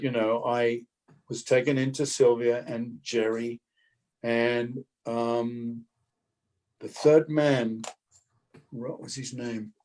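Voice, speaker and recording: Australian guy in his 70s telling old showbiz stories, animated, normal pitch. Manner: lively, acts out other people's lines in quotes. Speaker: guest actor. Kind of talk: anecdotal storytelling.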